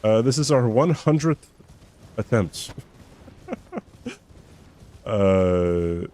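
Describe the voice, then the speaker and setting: A man's voice: fairly low pitch, lively intonation, very slow, warm tone. A man streaming a game live, chatting casually with viewers in a laid-back, joking way and swearing now and then.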